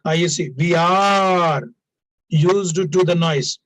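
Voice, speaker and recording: A man with a fairly high, slightly bright voice speaks slowly while teaching students an English grammar lesson. He explains usage through example sentences, repeats key points, and often adds "now" and "please" to his lines. The recording is dry and rough.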